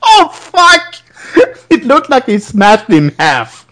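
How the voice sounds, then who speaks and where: Podcast host guy, lively up-and-down voice, unhurried, keeps cracking up mid-story. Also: sits high. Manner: rambling, laughs often, many restarts. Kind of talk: casual wrestling recap chat.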